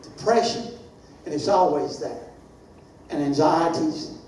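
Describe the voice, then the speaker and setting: An older man, a pastor preaching a sermon with impassioned, sing-song delivery that rises into shouts. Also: a little high, slow, crowd noise. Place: church sanctuary. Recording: very echoey church, far from mic, faint hiss.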